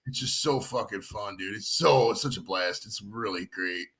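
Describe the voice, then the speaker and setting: A man's voice: fairly low pitch, moderate pace, a bit bright, husky. A middle-aged man from Ohio, chatting casually as a guest, laid-back and swearing freely. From Ohio, USA. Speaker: guest caller. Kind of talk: casual chat.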